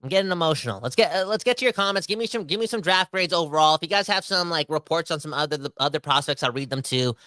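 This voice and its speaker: A young man hosting a casual podcast, rambling and animated, swinging between fired-up outbursts and quieter asides. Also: a little high, fast talker, few pauses, dry recording. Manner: rambling with frequent restarts and self-corrections. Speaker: podcast host. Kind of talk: casual ranting podcast talk.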